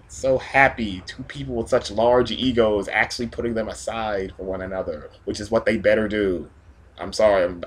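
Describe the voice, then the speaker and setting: A man's voice: mid-range voice, fairly bright tone, breathy edge. A man rambling through a self-deprecating comic vlog monologue full of jokey asides. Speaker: vlogger.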